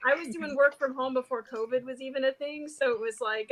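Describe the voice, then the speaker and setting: A woman from Los Angeles chatting as a guest artist, animated and laughing as she acts out quotes. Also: high voice, fairly quick. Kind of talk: casual chat. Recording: noisy line with clicks.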